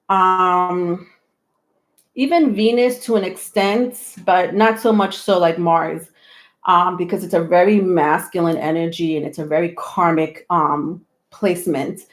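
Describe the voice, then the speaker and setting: A woman hosting a tarot live stream, talking casually, a little out of breath, rambling with many pauses and restarts. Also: medium pitch. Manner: rambling, many ums and restarts, laughs often. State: slightly out of breath.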